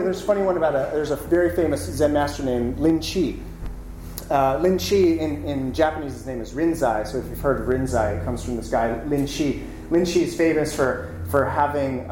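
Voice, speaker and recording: A lecturer giving a casual talk, telling stories in an animated way and often tossing in "right?" to the listeners. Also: mid-range voice, normal speed. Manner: animated storytelling, frequent "right?" asides. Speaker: lecturer on Buddhism. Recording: roomy room with faint noise.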